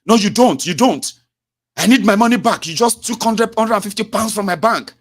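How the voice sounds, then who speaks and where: A man putting on a furious male customer who rants and shouts in a high voice while demanding to cancel his service. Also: animated, rapid-fire. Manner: shouting, high-pitched, ranting.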